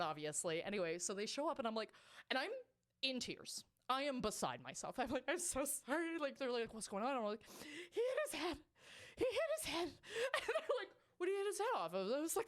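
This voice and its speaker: A woman co-hosting a podcast, telling a story in casual chat with lots of swearing and laughter. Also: a little high. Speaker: podcast co-host.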